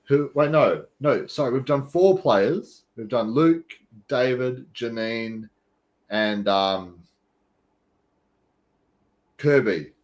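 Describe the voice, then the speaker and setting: A man's voice: mid-range voice, slow pace, pauses often. Chatty male podcast host. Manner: chatty, laughs often. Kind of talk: casual chat.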